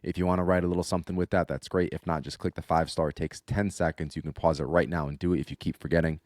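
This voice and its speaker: Low-voiced man co-hosting a podcast. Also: fairly even intonation, fast, a little mellow, no room sound, clean studio sound. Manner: upbeat, direct recap. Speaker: podcast co-host. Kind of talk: casual podcast chat.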